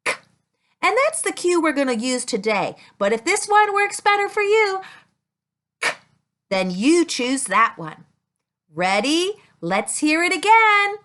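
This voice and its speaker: A speech-language pathologist, a woman, teaches small children a speech sound using toys, slowing her speech and elongating the sounds. Her voice sits high with a sharp tone.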